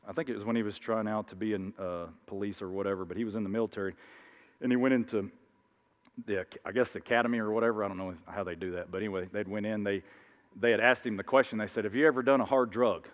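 A man preaching an informal sermon, rambling through anecdotes with many restarts and acting out the voices in his stories. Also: on the low side. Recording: dull lo-fi sound, long hall reverb.

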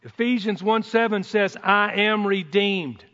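A man preaching a sermon in a folksy, excitable way, breaking into whoops and joking asides. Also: high voice, unhurried. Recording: dull sound in a reverberant hall.

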